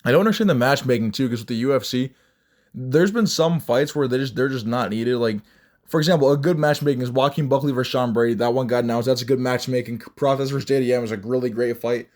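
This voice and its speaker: A man's voice: medium pitch, quick pace, darkish tone. Young man ranting about fights. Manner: blunt, rambling, mocking, with frequent restarts. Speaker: MMA commentary vlogger. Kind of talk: casual ranting commentary.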